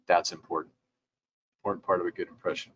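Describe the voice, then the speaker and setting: A man's voice: sits low, flat delivery, fast talker, fairly bright tone, a little hiss or hum. Man giving a conversational dental lecture. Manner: conversational, acts out dentists' voices in quotes. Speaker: dental lab president giving a training talk. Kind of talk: instructional presentation.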